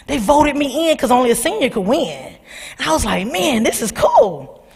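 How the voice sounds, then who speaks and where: A middle-aged woman, husky-voiced, telling a personal testimony to young people in a church, animated and calling out to her listeners. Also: on the high side. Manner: animated storytelling, calls out to the audience. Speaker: speaker at a church youth service. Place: church sanctuary. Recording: long hall reverb.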